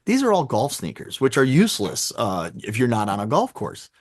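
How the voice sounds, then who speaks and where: A man's voice: mid-range voice, moderate pace, dry recording. A man talking casually on a podcast, telling stories with lots of energy and acting out what other people said. His voice sits in the middle range. The sound is dry and close, with no room around it. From Chicago. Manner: animated storyteller, acts out dialogue. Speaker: podcast guest. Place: home room with sneaker collection.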